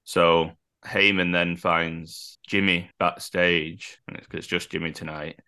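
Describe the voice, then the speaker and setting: A man's voice: sits low, little pitch movement, takes it slowly, sharp tone, clear, resonant tone. A man co-hosting a casual podcast chat, animatedly retelling a wrestling show and acting out the quotes. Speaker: podcast co-host.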